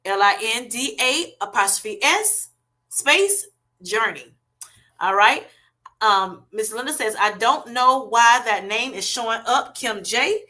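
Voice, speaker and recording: A woman hosts a relaxed livestream and reads out her viewers' comments. Her voice is bright and a little high. She talks in a chatty way, full of fillers and small restarts. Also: slow. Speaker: livestream host reading chat. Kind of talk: casual livestream chat.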